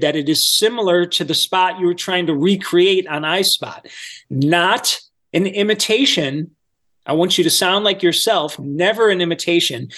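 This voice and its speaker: A man, a voice-over coach, explaining his methods step by step in a relaxed podcast interview. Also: a little high.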